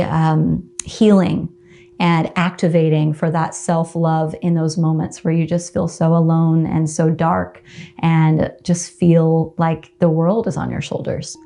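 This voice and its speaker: A woman leading a yoga class, speaking slowly and tenderly with drawn-out cues. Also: deep voice, little pitch movement, vocal fry, warm tone. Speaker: yoga teacher. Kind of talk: guided yoga class with a read-aloud personal letter.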